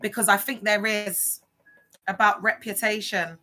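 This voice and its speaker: A woman's voice: medium pitch, fairly even intonation, a little slow, bright, forceful tone, rough recording. A woman chatting on a livestream, rambling and emotional, with many fillers. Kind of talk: casual livestream chat.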